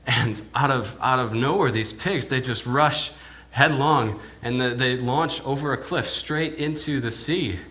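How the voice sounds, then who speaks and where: A little slow and sharp-toned, a mid-range male voice fills a church as a minister plays an awed village pig herder. In first person, he relates his story hesitantly, repeating words often.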